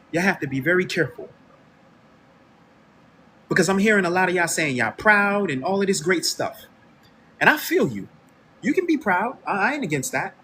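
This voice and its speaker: A man's voice: high voice, pushed and bright, a little hiss or hum. An American man hosting an online radio show, delivering a confrontational, preachy commentary monologue straight at his listeners. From United States.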